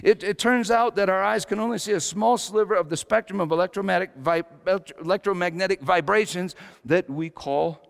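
A pastor preaching a sermon, swinging between loud exclamations and hushed asides. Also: male voice, high-pitched, fairly quick, creaky. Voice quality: slight whistle on a false tooth. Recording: long echoing hall reverb.

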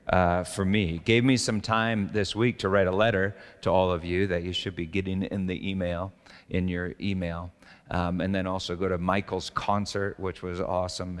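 A man's voice: low voice, big-room sound. An older man, a pastor, giving a conversational sermon with stories, fillers and restarts.

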